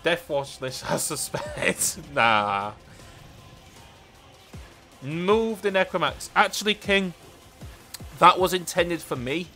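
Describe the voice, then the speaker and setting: Young British male streamer, playful and giggly, slightly high voice, faint music behind. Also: expressive, takes it slowly, pauses often, sharp tone. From United Kingdom. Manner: playful, laughs often, pleading bursts. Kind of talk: live game stream chat.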